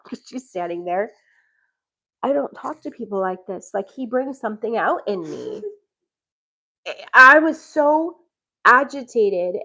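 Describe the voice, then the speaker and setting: On a rough recording, a middle-aged woman with a medium-pitched voice tells a dating story as a podcast host. She's casual and animated, laughing often and acting out the things people said.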